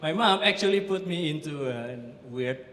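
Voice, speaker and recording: A young man with an Indonesian accent doing a stand-up comedy set, telling dark jokes with deadpan timing. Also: normal speed, a crowd in the background. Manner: deadpan delivery of dark jokes, lively swings in pitch. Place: comedy club stage before a laughing audience. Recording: roomy club echo with audience laughter.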